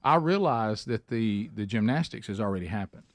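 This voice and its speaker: A man hosting a casual radio talk show from a studio, halting with many fillers and restarts. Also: fairly low pitch, animated, dry recording. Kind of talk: casual morning radio chat. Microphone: studio microphone.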